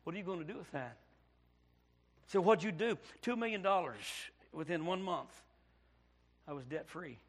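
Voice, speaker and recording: A Baptist pastor from Indiana preaching a sermon, telling a story and swinging from hushed passages to near shouting. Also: male voice, fairly high pitch, animated, fairly quick.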